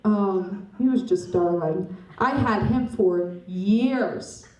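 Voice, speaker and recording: A woman's voice: mid-range voice, slow pace, a little mellow. A young woman doing stand-up comedy on a club stage, rambling and self-mocking as she chats with the audience. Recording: roomy club sound from a distance.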